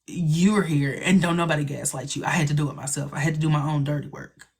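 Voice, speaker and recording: A woman's voice: sits low, fairly even intonation, fast, a little mellow, husky. A woman hosting a live stream, chatting casually and dramatically, often acting out quoted lines. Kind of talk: casual chat. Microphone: phone or computer mic on a live stream.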